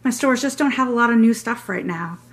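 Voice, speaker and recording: With a fairly high, brisk voice, a middle-aged woman walks viewers through her shopping haul on camera. It's a casual show-and-tell vlog where she gushes over each find and rambles in between.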